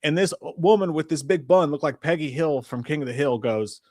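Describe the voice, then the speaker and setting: A man's voice: on the high side, fairly quick, a little mellow, no room sound, clean studio sound. A man in his forties hosting a live stream, telling a rambling story with crude jokes in casual chat. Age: 40s. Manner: rambling and jokey, with crude humor.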